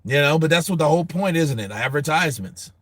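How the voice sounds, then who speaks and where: A man's voice: a little high, lively intonation, fast, dry recording. Loose, profane male boxing show host. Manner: loose, profane storytelling with frequent laughs. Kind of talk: casual live-stream chat.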